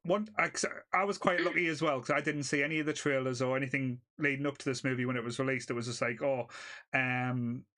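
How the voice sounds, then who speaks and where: A man's voice: mid-range voice, fairly even intonation, fast, hardly any pauses, pushed and bright. A man from England chatting casually on a film podcast, laughing often and swearing freely. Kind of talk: casual chat.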